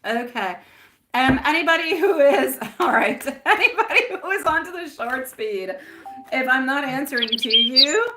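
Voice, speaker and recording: A woman's voice: sits high, lively intonation, moderate pace, very noisy. A woman reading tarot on a live stream in casual chat, affectionate and laughing often, calling viewers my love and sweetie pie.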